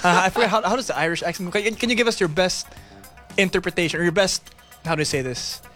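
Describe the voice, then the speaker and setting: Playful young co-host, higher voice. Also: male voice, fast, a bit bright, faint music behind. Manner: playful, hesitant, restarts sentences. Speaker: radio co-host. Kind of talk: casual on-air banter. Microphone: studio microphone.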